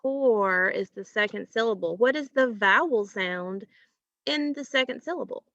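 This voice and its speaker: A woman teacher giving a recorded phonics lesson to children, asking questions and pausing patiently for answers. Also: a little high, expressive, bright, forceful tone, dry recording, lo-fi sound. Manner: slow, patient, asks questions and pauses for answers.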